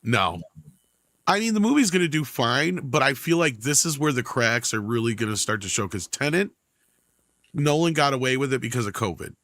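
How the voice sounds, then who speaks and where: A man on a pop-culture podcast panel, chatting casually in a blunt, profane, animated way. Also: medium pitch, normal speed, no room sound. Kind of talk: casual chat.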